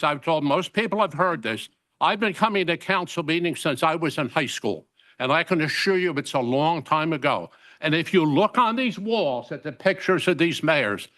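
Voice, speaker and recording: An older man with a forceful, bright voice pitched a little high stands at the podium microphone in a council chamber. He delivers his public comment with indignation, driving each point home and repeating phrases for emphasis. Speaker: resident giving public comment.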